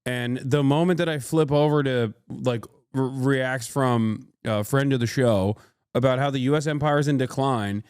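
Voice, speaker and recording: A man on a live stream who speaks straight at his chat, blunt and ready to argue. His voice comes through smooth and resonant, close on the mic in a dry, dead room. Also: mid-range voice, normal speed, darkish tone, no echo. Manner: blunt, combative, addressing chat directly. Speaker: livestreamer.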